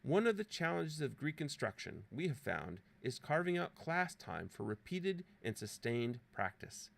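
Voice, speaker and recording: A man's voice: a little high, very animated, a little slow, gravelly. A man presenting an app walkthrough as a scripted, playfully dramatic voice-over narration with theatrical exclamations. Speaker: presenter demonstrating a teaching app.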